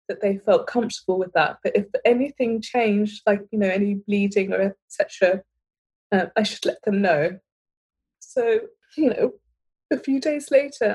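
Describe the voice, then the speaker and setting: A woman in her thirties with a husky, slightly breathy voice and a middle pitch. She tells a personal story to an interviewer in a candid, unpolished way, full of fillers and restarts. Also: darkish tone, low-quality recording. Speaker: interview guest.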